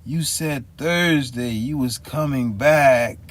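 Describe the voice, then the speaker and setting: A man voicing an upset, tearful female office clerk in a high, plaintive, whiny tone. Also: takes it slowly.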